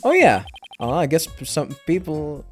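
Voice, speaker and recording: A man giving casual, rambling commentary over a game, halting and laughing as he reads along. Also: on the high side, very animated, faint music behind. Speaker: let's play host.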